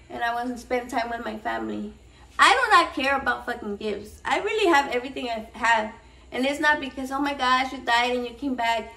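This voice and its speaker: High-voiced, profane woman. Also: vocal fry. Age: 30s. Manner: profane, excitable, switching between English and Spanish slang. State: a little shaky and nervous. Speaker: cooking vlog host. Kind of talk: casual rambling chat to camera. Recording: voice a bit far from the mic.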